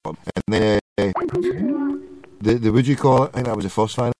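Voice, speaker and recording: A man's voice: on the low side, brisk, a little mellow. A man with a Glaswegian accent hosting a casual call-in show and teasing his callers. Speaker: host of a call-in internet radio show. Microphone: phone call.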